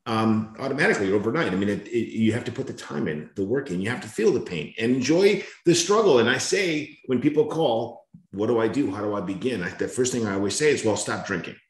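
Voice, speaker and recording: A man's voice: fairly low pitch, lively intonation, quick pace, hardly any pauses, reverberant. A man hosting a casual interview, earnest and emphatic, repeating himself as he starts a thought. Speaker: podcast host.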